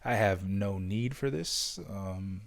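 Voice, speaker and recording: A man's voice: lowish voice, takes it slowly, gravelly. A young man co-hosting a casual chat show, joking and teasing. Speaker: co-host.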